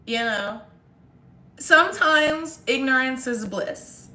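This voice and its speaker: A young woman chatting casually to viewers on a livestream, sarcastic and quick to laugh. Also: high voice, lively intonation, sharp tone, echoey room. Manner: sarcastic, laughs often, talks straight to viewers. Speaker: livestream host.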